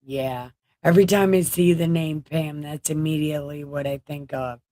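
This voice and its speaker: A woman's voice: deep voice, fairly even intonation, normal speed, warm tone, no echo. A tired woman hosting a late-night livestream, rambling and joking as she chats with her viewers. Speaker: livestream host.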